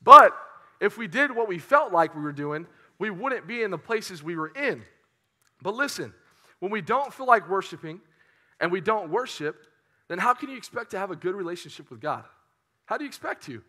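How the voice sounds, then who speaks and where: Young guy preaching to a youth group, high voice, jokey and loose. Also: moderate pace. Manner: casual, joking, energetic preaching to a youth group. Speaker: youth pastor. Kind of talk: sermon.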